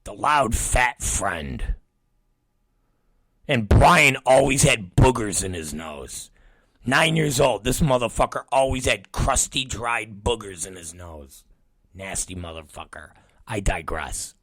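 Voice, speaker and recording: A man's voice: lowish voice, slow, dry recording. A middle-aged man hosting his show, telling a profane story and acting out the voices of the people in it. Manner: animated, acts out quoted voices, swears constantly. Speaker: show host.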